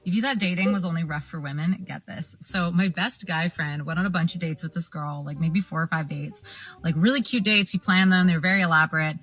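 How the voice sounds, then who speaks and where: Woman, lowish voice, brisk casual storytime retelling.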